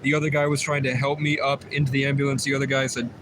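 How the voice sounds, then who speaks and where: On a livestream, a man with a mid-range, level voice races through a long monologue, circling back over the same points and restarting his sentences. Faint vehicle noise hums in the background as he rambles repetitively.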